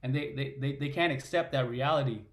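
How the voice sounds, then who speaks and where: A man's voice: mid-range voice, brisk. A man, a father, talking bluntly and casually with plenty of slang as a panel guest. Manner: blunt, slangy, "bro", "you know what I'm saying".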